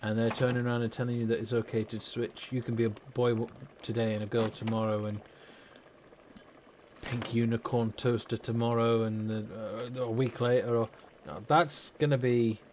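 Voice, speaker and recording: A man talks over his gameplay in a loose, rambling way, swearing freely as he airs his opinions. His voice sits at an ordinary middle pitch. A faint hiss runs under the recording. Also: steady tone, moderate pace. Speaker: gaming channel host; parent. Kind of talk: casual chat over gameplay.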